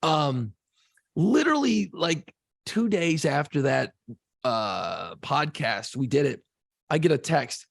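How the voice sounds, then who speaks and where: A man's voice: fairly high pitch, very animated, slow, vocal fry, long pauses, no room sound, studio quality. A man co-hosting a podcast in casual chat, telling stories animatedly and swearing freely. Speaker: podcast co-host.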